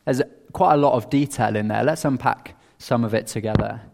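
A man preaching an expository sermon in a measured, earnest way, with small restarts. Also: medium pitch, gravelly, noisy background. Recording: long reverb of a large hall.

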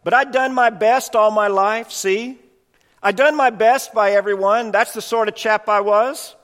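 A man's voice: high voice, fairly even intonation, unhurried, fairly bright tone, pitched above the performer's own voice. A man voicing an indignant, self-righteous male ghost who insists on his rights and keeps tagging "see?" onto his lines. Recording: long reverb in a hall.

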